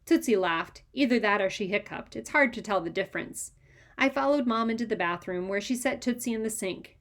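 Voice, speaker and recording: A woman reading a children's chapter book aloud with lively, expressive narration. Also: mid-range voice, fairly quick. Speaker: reader. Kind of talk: storybook read-aloud.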